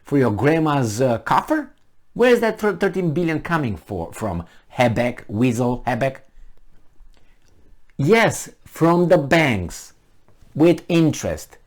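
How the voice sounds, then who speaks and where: A man's voice: mid-range voice, sing-song, slow. A man giving ranting commentary on a news article, sarcastic, mocking and exasperated. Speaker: political commentator.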